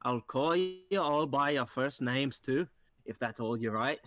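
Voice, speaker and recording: A man's voice: medium pitch, animated, unhurried, a bit bright. A man voicing a perky female pirate-show performer in an amateur game dub, stumbling over puns. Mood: pleading. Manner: pun-heavy, stumbling over words.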